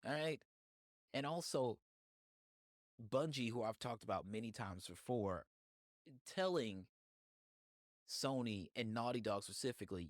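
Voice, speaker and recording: A man's voice: lowish voice, normal speed, no room sound, clean studio sound. A man hosting a solo podcast, giving heated, profane opinions on the news. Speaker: podcast host.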